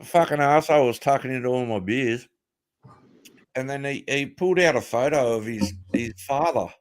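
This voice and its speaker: Aussie guy on a call spinning a yarn, swears constantly, mid-pitched, laughs at his own story. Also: moderate pace. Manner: crude, swears a lot, laughs while telling. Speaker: podcast host telling a story. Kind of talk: casual storytelling chat.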